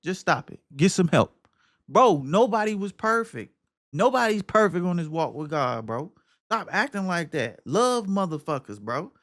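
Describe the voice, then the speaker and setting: A man hosting a podcast, talking casually and emphatically about a film, cursing freely and swinging between loud outbursts and low muttering. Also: big pitch swings, moderate pace, no echo, clean studio sound. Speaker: podcast host.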